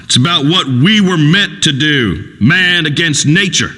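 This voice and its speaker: A man's voice: fairly high pitch, animated, measured pace, bright, forceful tone, slightly rough, long reverb tail, heavily acted, low-quality recording. An actor playing a crude, macho rural male talk-radio host in a comedy game radio show, drawling and preachy. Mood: boastful.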